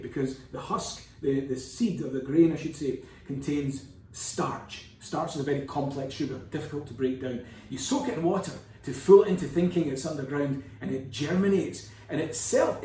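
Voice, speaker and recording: A man's voice: fairly high pitch, mellow. A man giving a casual, chatty lesson, digressive with playful asides. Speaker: whisky educator. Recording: roomy, distant from the mic.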